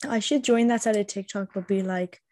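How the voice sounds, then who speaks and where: A woman's voice: medium pitch, steady tone, a little fast, darkish tone, no room sound. A woman in casual chat with fellow tabletop game players, hesitant and full of fillers. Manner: hesitant, many "like" fillers and restarts.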